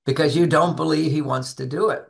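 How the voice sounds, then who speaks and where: A man's voice: a little high, steady tone, a little fast, creaky. A man who writes about relationships, giving emphatic advice and acting out both sides of little dialogues with his spouse. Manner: emphatic, instructive. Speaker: relationship author and guest. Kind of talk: conversational advice talk.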